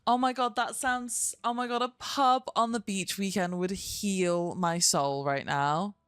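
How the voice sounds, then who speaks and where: A woman's voice: mid-range voice, measured pace, clear, resonant tone, dry recording, studio quality. A young woman, chatting casually and expressively on a live stream, swearing and laughing often. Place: at her desk at home.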